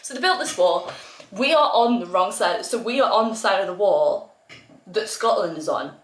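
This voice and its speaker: A woman's voice: mid-range voice, expressive, normal speed. A young woman with a Northumbrian accent, chatting casually to camera and laughing often as she talks. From Northumberland, England. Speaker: vlogger. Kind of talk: casual chat. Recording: roomy echoey room.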